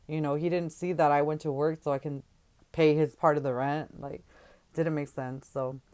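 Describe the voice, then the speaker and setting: A woman with a low, clear, smooth voice tells her own story in a halting, conversational way. She pauses often on fillers and restarts her sentences. When she quotes others, her voice rises and gets louder. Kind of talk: candid personal testimony.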